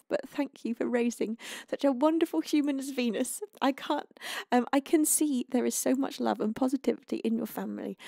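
A woman's voice: a little high, vocal fry, mellow, dry recording, studio quality. A woman streaming live and reading out donation messages, gushing and laughing, on the edge of tears. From United Kingdom. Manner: gushing, emotional, laughing often. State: tearful, close to crying. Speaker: livestreaming singer. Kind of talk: casual chat reading donations.

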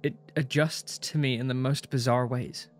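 A young man reads a visual novel aloud in a casual, joking way, swearing often and breaking into laughs. His voice sits at an average pitch for a man. Faint game music plays quietly behind him. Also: fairly even intonation, normal speed. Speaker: gaming streamer.

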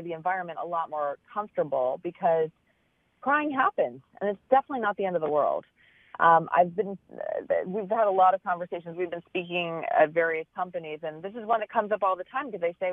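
A woman's voice: on the low side, dry recording. A woman author and business owner giving earnest, thoughtful answers in an interview, often restarting her phrases as she searches for the words. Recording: tinny phone line.

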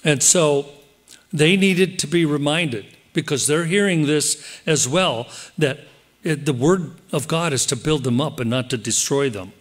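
A pastor preaching a sermon in church, lively and direct, slipping into quoted voices as he explains the text. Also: a little high, unhurried. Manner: animated, acts out quoted voices.

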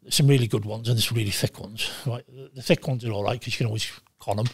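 Older man, blunt and profane, animated storyteller, dry close sound. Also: medium pitch, fast talker, husky, no room sound. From Wales. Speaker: guest, former goalkeeper. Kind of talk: casual interview chat.

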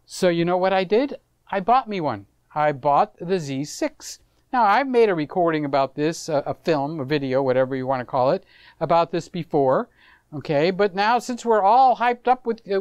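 A middle-aged man hosting a camera vlog, telling a story to the camera in a casual, animated way. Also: high voice, clear, resonant tone, no room sound. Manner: animated, acts out conversations, chuckles often. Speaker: camera reviewer, vlog host.

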